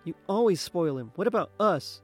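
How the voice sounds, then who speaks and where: A man's voice: high voice, expressive, moderate pace, faint music behind, voice pushed up. A man doing a bitter, snappy teenage boy. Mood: bitter, angry. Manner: raised, sharp delivery.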